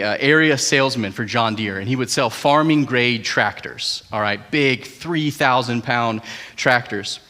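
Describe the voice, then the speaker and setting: A young man preaching a sermon as pastor, telling family stories in a conversational, animated way with asides to the congregation. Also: mid-range voice. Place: large church auditorium. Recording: hall reverb.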